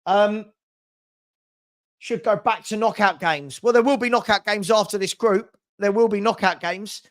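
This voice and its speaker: A man's voice: high-pitched, a little slow. A man hosting a casual live football stream, reading out viewer comments in a rambling, chatty way with frequent restarts.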